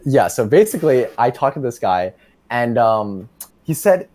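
A young man telling a rambling story as a podcast guest, full of "like" and quick laughs. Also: mid-range voice, sing-song, darkish tone. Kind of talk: casual storytelling chat.

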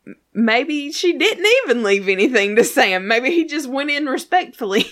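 A woman's voice: sits high, expressive, normal speed, a bit bright. A woman co-hosting a casual chat about a TV episode, profane and laughing often. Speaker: podcast co-host.

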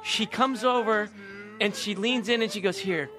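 High-voiced excitable comedian man. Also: moderate pace, music in the background. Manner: excitable, laughs while telling stories. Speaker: comedian guest. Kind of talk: animated anecdote telling.

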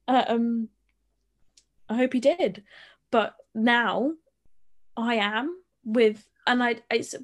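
A young woman, co-hosting a podcast, talking in a halting way with many restarts and fillers. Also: fairly high pitch, steady tone. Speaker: podcast co-host. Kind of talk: casual chat.

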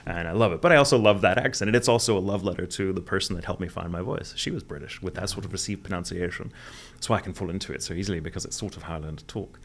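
Deep gravelly american guy rambling candidly in an interview, cusses a lot. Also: racing. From United States. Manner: rambling, candid, swears freely. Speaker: voice actor guest. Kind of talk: casual interview chat.

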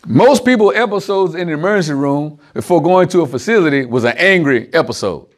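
A man with a notably high voice gives an informal sermon to a small group. He talks conversationally, tossing out rhetorical questions and chuckling as he goes. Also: animated, brisk.

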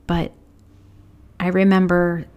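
A woman podcast host telling a personal story in a confessional way, often dropping to a hushed whisper when quoting people. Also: lowish voice, monotone, slow, smooth, highs cut off.

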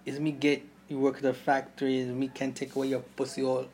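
A man putting on a menacing Jamaican gang boss, sneering and loud, his pitch barely moving as he goads, a faint hum of ambience behind him. The taunts land heavy and even. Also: fast, natural voice. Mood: taunting.

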